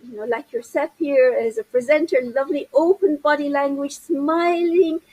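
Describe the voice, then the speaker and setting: A woman's voice: high-pitched, steady tone, moderate pace, dark tone, poor audio. A woman in her fifties, a parenting coach, talking animatedly and gesturing with her hands as she explains in an interview. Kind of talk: interview conversation.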